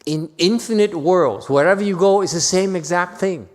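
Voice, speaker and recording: A man giving a Buddhist dharma lecture in a temple hall, playful and teasing, jumping from loud emphatic lines to quiet asides. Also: high-pitched, normal speed. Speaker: Buddhist teacher.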